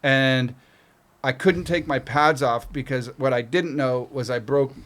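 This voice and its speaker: In a slightly slow, mid-range voice, a middle-aged Canadian man tells a casual story as a guest. He swears a great deal and brings the quotes to life with animated acting.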